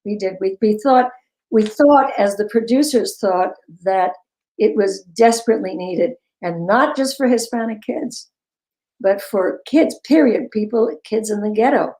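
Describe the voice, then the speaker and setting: An older woman telling stories as an interview guest, animated and quick to laugh. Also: mid-range voice, poor audio. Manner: animated storyteller, breaks into laughter. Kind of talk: casual interview chat.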